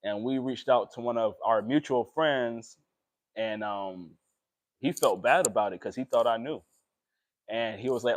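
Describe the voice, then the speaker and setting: Young guy in his vlog, earnest and emotional, lots of ums and pauses. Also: mid-range voice, no echo. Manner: earnest, emotional, halting with fillers. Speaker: vlogger. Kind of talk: personal confessional vlog.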